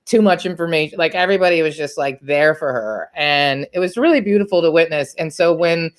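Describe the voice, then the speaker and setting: Low-voiced woman telling a story. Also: a little fast. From Washington, D.C. area. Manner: chatty and candid, swears freely, many fillers. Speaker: podcast host. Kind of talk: casual storytelling chat.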